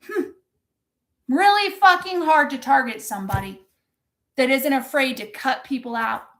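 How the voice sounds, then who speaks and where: A woman coach speaks unhurriedly in a fairly bright voice that sits high. Her live-streamed pep talk is intense, impassioned and profane, and she stops now and then to answer the chat.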